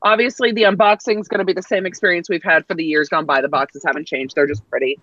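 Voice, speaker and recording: A woman's voice: lowish voice, steady tone, fast, fairly bright tone, no echo, highs cut off. A woman co-hosting a tech live stream, chatting casually and enthusiastically, teasing the others. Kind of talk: casual chat.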